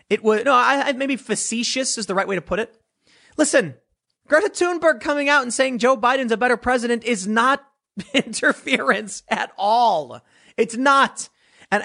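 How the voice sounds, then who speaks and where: Animated sarcastic man ranting. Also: very high-pitched. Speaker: commentator. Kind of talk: unscripted commentary monologue.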